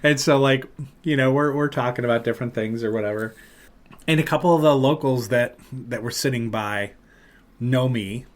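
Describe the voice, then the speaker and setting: Animated male podcast host telling stories. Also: medium pitch, normal speed. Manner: animated, acts out loud quotes of other people. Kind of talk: casual storytelling chat.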